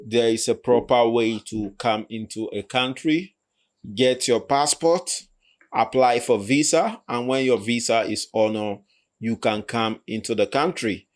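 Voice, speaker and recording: A man hosting a channel, giving his measured opinion in reaction commentary. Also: mid-range voice.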